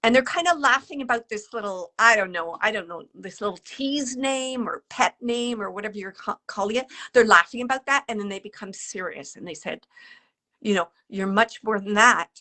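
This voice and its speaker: A woman giving live mediumship readings to an audience, speaking gently and haltingly, often dropping to a whisper. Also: mid-range voice, lively intonation. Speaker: psychic medium.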